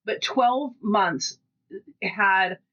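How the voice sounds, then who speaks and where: A woman's voice: medium pitch, extremely slow, muffled recording. Chatty woman telling a story. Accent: Pacific Northwest American. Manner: chatty storytelling, animated quoted dialogue. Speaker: podcast co-host. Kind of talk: casual podcast chat.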